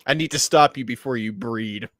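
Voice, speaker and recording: A man's voice: mid-range voice, moderate pace, a bit bright, no room sound, clean studio sound. A man co-hosting a podcast, talking bluntly in casual banter, swearing and laughing often. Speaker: podcast co-host.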